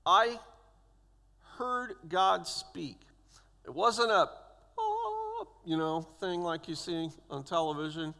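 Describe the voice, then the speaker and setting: Gravelly high-voiced man telling his testimony. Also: bright, forceful tone. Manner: storytelling, acting out voices of doctors and nurses. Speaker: church elder giving testimony. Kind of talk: personal testimony in church. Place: church sanctuary. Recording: long church hall reverb.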